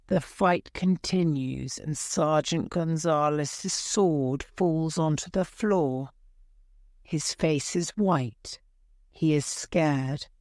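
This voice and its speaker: A woman reads a graded storybook aloud with slow, careful delivery. Her voice is smooth and slightly low. The sound is close and dry. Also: a little mellow, no room sound. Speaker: narrator. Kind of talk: graded-reader story narration.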